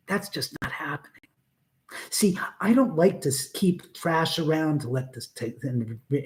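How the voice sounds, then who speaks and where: A man's voice: medium pitch, a little mellow. A middle-aged man hosting a casual livestream from his home, rambling to his viewers and swearing when riled. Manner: rambling, talks to chat and his dog, swears when angry. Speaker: livestream host. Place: indoors at home.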